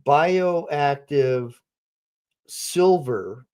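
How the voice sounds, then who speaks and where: A man's voice: on the high side, expressive, extremely slow, darkish tone, smooth. A middle-aged man hosting a livestream, rambling casually and talking straight to his viewers, his eyes watering from allergies. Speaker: host.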